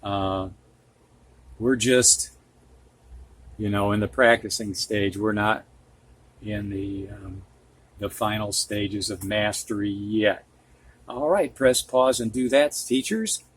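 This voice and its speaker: A man teaching a reading lesson, reading words slowly and repeating them, with patient explanations for teachers. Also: lowish voice, husky. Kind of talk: slow spoken reading lesson.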